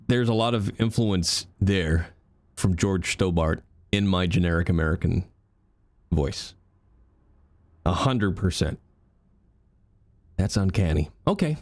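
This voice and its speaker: A man gives casual, chatty commentary while streaming a game, now and then swearing. His voice sits a bit low but moves around lively in pitch.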